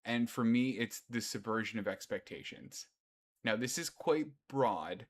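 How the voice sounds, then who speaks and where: A middle-aged man co-hosting a podcast in casual chat, animated and joking at his own expense. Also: mid-range voice, unhurried. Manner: animated, jokey, mocking himself. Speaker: podcast co-host.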